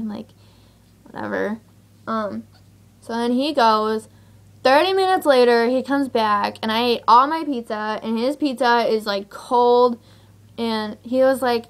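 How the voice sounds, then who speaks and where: A woman's voice: fairly high pitch, measured pace. Chatty exasperated young woman vlogger. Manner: chatty, exasperated, lots of "like" and "whatever". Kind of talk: casual storytelling to camera.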